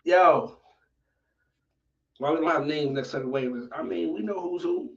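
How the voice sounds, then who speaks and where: High-pitched, profane livestream host. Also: male voice, moderate pace, recorded from a distance. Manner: profane, animated, talks to viewers. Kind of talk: casual livestream commentary. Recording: dull lo-fi audio from off-mic.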